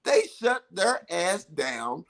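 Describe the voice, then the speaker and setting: Gravelly joking man in sports chat. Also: high voice, sing-song, takes it slowly, fairly bright tone. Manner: joking, laughs a lot. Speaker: podcast co-host.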